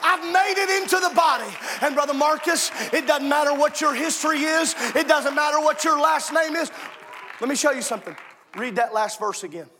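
A man preaching a fervent sermon in a church, often shouting his lines. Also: very high-pitched, brisk, long reverb tail, crowd noise, noisy background. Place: church sanctuary.

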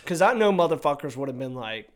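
A young man casually telling a story on a podcast, animated and profane, acting out what people said. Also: mid-range voice, fast talker.

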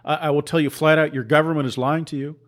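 A man delivers a fiery preaching rant at a slightly raised pitch. He hammers his points with rhetorical questions and repetition, tripping into quick restarts along the way. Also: steady tone. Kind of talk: impassioned preaching commentary.

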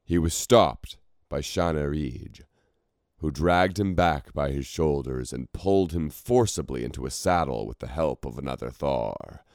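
Deep-voiced man narrating a fantasy story. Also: expressive, unhurried, a little mellow, dry recording, clean studio sound.

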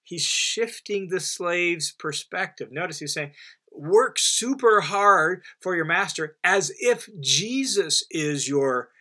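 Emphatic, bright-voiced male Bible teacher. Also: fairly high pitch. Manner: conversational and emphatic, with frequent restarts and repetition. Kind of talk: unscripted Bible commentary.

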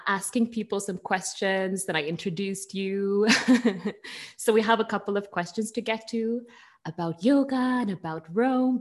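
Slow-talking Norwegian woman. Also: medium pitch. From Norway. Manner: bubbly, giggly, gushing. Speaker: podcast host and yoga teacher. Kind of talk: casual interview chat. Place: home in Bergen, on a video call. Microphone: video call.

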